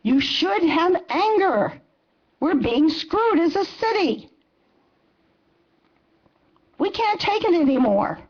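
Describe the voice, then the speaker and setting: A woman's voice: very high voice, sing-song, slow pace, long pauses. A woman in her seventies giving an angry, impassioned public comment at a council meeting. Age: 70s. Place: council chamber. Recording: dull lo-fi meeting recording.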